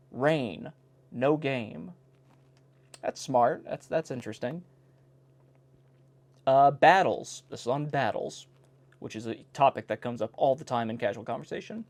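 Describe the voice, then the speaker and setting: Lively man reading old jokes aloud. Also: mid-range voice. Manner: wry, breaks off to comment on each joke. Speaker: host reading an old joke book. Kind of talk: casual reading aloud with commentary. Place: indoor home recording in South Carolina.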